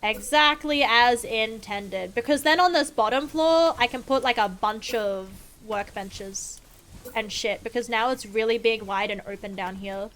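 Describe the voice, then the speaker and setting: A young woman streams a game live, bantering with viewers in a playful, sarcastic tone and cursing freely. Her voice sits fairly high, her pace is moderate, and there's a faint hiss or hum in the recording.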